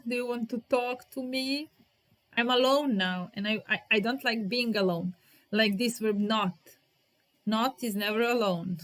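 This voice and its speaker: A woman teacher giving a live grammar lesson, speaking, repeating example sentences slowly and talking to viewers in the chat by name. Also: fairly high pitch. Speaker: English teacher.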